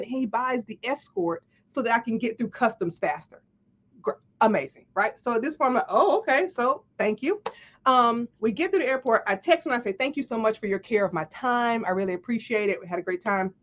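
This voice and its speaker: A woman who works as a life coach tells a story to a live audience, animated, acting out the dialogue and laughing often. Her voice is on the high side with lively intonation at a moderate pace, heard through dull, lo-fi stream audio.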